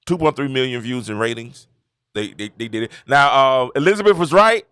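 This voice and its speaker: A man from Georgia, hosting a casual sports talk stream and telling stories in an animated, repetitive way. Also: medium pitch, brisk, clean tone, no echo. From Georgia, USA. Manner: animated, repetitive storytelling with laughs. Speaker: show host. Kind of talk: casual commentary livestream.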